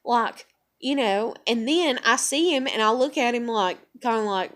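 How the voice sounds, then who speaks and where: A woman's voice: a little high, expressive, moderate pace, a bit bright. A middle-aged woman ranting to camera, heated and profane, full of rhetorical questions and repeated phrases, upset and tired. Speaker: vlogger. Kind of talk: unscripted emotional rant to camera.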